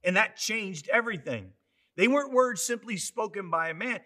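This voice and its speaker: Bright-voiced fervent man preaching. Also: high-pitched, lively intonation, moderate pace. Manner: fervent, emphatic preaching with dramatic swings in loudness. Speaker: pastor. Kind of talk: sermon. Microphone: online church service.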